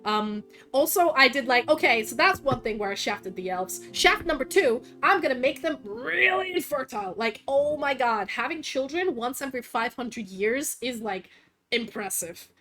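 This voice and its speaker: A woman's voice: a little high, animated, normal speed, a bit bright, soft background music. A woman hosting a casual chat, rambling about her game world with many fillers and restarts. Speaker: vtuber host and game master.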